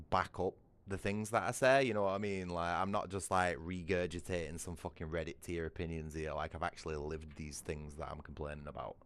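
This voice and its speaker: A man's voice: deep voice, fairly bright tone, clear, resonant tone. A British man chatting casually on a gaming livestream, rambling and swearing a lot, often asking "you know what I mean". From Britain. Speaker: streamer.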